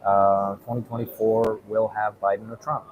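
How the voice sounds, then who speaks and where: A man's voice: on the low side, little pitch movement, normal speed, a little hiss or hum, poor audio. Rambling man talking economics. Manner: rambling, filler-heavy, tags points with "right?". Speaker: vlogger. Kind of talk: casual explainer monologue.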